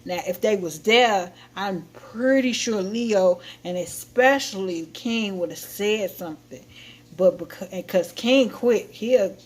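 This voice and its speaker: A woman hosting her own livestream, chatting casually and telling a rambling, animated story to her viewers. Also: medium pitch, takes it slowly. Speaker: livestream host.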